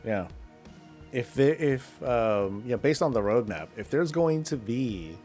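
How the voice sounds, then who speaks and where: A man with a medium-pitched, expressive, slightly mellow voice talks slowly while streaming a video game. He rambles loosely with viewers, answering their chat questions between in-game moves, as faint music plays in the background.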